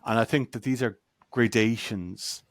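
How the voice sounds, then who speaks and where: A man's voice: mid-range voice, unhurried, no echo, studio quality. A man as an interview guest, chatting over a video call and telling anecdotes in a conversational way. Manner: storytelling, acts out quoted voices.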